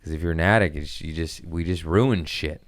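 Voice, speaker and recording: A man's voice: sits low, a little fast, dry recording, studio quality. A man hosting a podcast, chatting casually with loose, profane, jokey storytelling. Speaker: podcast host. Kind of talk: casual chat.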